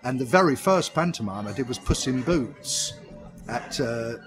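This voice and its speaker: Over music, an older comedy performer and pantomime writer chats animatedly at a moderate pace in a medium-pitched voice. His interview is full of anecdotes, and he laughs at them often.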